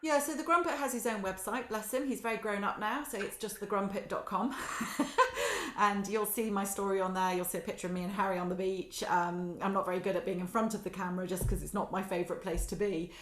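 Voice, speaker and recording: Lively woman, roomy sound. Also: medium pitch, quick pace. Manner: animated storytelling, quotes others in lively voices. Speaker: guest, children's author. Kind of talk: casual podcast conversation. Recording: roomy echo.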